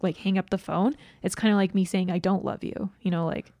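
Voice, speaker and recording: Young woman, podcast co-host, casual chatty talk, gravelly fry. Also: mid-range voice, steady tone, fairly quick, mellow, no room sound, clean studio sound. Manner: chatty, many fillers. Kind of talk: casual chat.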